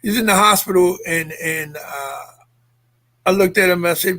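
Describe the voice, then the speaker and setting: A man's voice: sits high, normal speed, sharp tone. An older man, a former Olympian and activist, telling stories with emphatic force and checking in with his listeners. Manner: emphatic, checks in with 'Okay?' and 'Understand?'. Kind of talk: impassioned storytelling.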